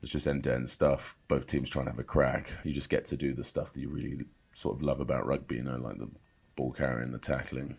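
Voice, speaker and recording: A man, a rugby player, chatting casually on a podcast and telling stories in a relaxed, joking way. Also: very deep voice, brisk, gravelly, husky. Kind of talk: casual chat.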